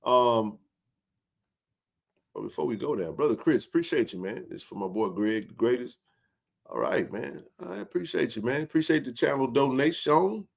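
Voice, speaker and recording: A man hosting a casual sports livestream, animated and joking in colloquial speech. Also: mid-range voice, normal speed, vocal fry. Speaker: sports talk show host.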